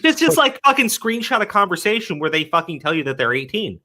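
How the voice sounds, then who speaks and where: A man's voice: high voice, sing-song, fast talker, sharp tone. A man hosting a commentary stream, talking heatedly, swearing often and repeating words as he goes. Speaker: commentary show host. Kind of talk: casual commentary chat.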